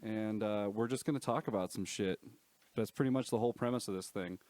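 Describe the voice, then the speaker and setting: A man's voice: on the low side, fairly quick, darkish tone, no echo. A man hosting a casual podcast, talking in a laid-back, rambling way and swearing casually. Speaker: podcast host.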